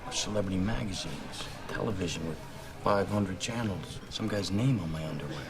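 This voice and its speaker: A man's voice: deep voice, a little fast. An actor playing a brash, anarchic young man who rants with scorn about consumer life, in film dialogue. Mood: scornful. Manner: scornful, declarative ranting.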